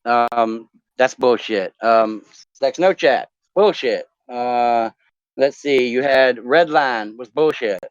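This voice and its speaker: Guy rambling about his family, lots of ums and cussing, crisp voice, kinda muffled mic. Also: medium pitch, slow pace, dry recording. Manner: rambling, with many ums and restarts, swearing. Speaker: talk show guest. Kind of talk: casual live-stream chat.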